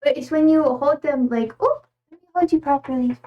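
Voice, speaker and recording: A woman's voice: high-pitched, brisk, highs cut off. A young woman streamer chatting casually and bubbly, gushing over her cats with baby talk. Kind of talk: casual live-stream chat.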